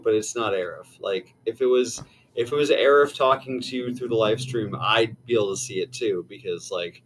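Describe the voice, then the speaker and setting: A man's voice: on the low side, fairly bright tone, rough recording. Thoughtful man theorizing about a game. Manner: thoughtful, works through theories aloud. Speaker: guest. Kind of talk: casual game discussion.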